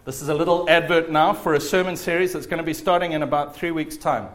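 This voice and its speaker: A man preaching a sermon in an earnest, animated way. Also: fairly high pitch, quick pace.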